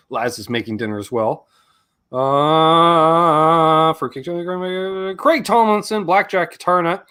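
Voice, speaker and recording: A man's voice: fairly high pitch, sharp tone. A Canadian man co-hosting a live chat stream, rambling and reading out supporters' names. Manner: chatty, rambling, reads out names. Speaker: co-host. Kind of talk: casual livestream chat.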